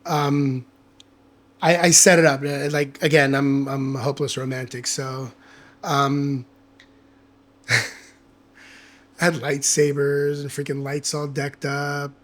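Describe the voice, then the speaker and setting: A man with a medium-pitched voice tells a personal story as a podcast guest, speaking slowly with long pauses. The chat is casual, and he's candid and animated, swearing freely and acting out the dialogue he quotes.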